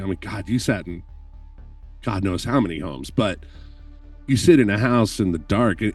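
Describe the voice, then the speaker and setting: Animated, cussing storyteller, a low-voiced man. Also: distant mic. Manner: animated, profane storyteller who laughs often. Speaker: guest filmmaker telling stories. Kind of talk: casual podcast chat.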